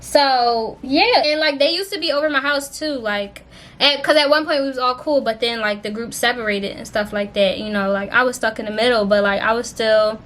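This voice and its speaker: A young woman vlogger telling a story in a casual storytime style, expressive and full of slang and swearing. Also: a little high, moderate pace.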